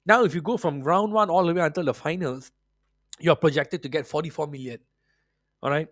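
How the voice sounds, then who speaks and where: A man's voice: on the high side, brisk, fairly bright tone, no echo, clean studio sound. A man hosting a football podcast, delivering a profane, mocking rant. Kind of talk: ranting football commentary.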